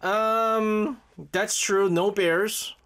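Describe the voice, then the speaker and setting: A man hosting a casual radio chat segment in a studio, playful and quick to laugh. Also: steady tone, a bit bright, smooth. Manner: playful, laughing, trails off into low mumbles. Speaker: radio host.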